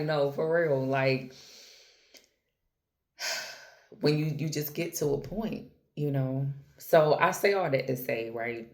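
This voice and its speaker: Very low-voiced, slow-talking woman. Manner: slangy, conversational, trails off and restarts; calls the listener girl and baby. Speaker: spiritual vlogger. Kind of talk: casual heartfelt monologue to camera.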